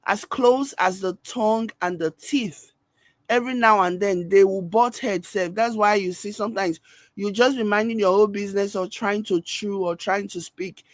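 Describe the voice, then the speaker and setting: A Nigerian woman delivers opinionated reaction commentary at a mid pitch, scolding and emphatic, dropping pidgin into her sentences. The sound is dry and close, with no room around her voice. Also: moderate pace, dry recording. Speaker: reaction video host.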